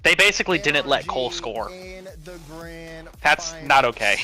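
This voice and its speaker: A man with a bright, forceful tone jokes and chats loosely with his co-hosts. His casual banter runs over faint music in the background. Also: mid-range voice, expressive, moderate pace. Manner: chatty, joking banter. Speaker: watch-party co-host. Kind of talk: casual chat.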